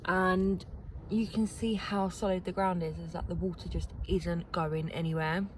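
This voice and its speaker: A woman's voice: fairly low pitch, little pitch movement, a little slow. Chatty woman outdoors with noise. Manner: chatty, self-deprecating, many ums. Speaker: allotment vlogger. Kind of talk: casual chat to camera. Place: outdoor allotment plot. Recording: outdoor camera audio with noise.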